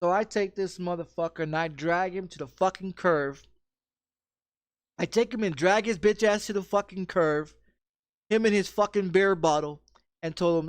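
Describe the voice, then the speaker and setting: A man's voice: sits high, normal speed, smooth, no room sound. A streamer telling a story in casual chat, blunt and heavy on profanity, often repeating his phrases.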